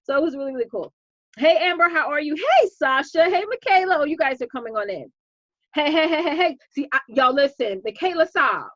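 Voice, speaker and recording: A woman coach hosting a casual live stream, chatty and animated, greeting viewers by name. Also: high-pitched, brisk, no echo, highs cut off.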